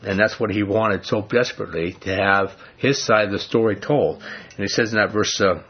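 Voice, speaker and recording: A man's voice: lowish voice, a little fast, husky. A man teaching from the Bible in an earnest, folksy way, full of "I mean" asides. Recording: dull lo-fi recording.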